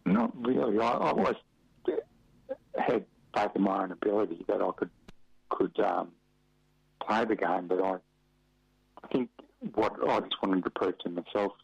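A middle-aged Australian man, a former footballer from Western Australia, telling rambling anecdotes with chuckles and many fillers in a relaxed interview. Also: low-pitched, moderate pace, gravelly, pauses often, slightly rough, dry recording. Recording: muffled dry radio recording.

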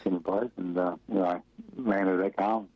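A middle-aged Australian man, a former footballer from Western Australia, telling rambling anecdotes with chuckles and many fillers in a relaxed interview. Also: sits low, moderate pace, no echo. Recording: muffled dry radio recording.

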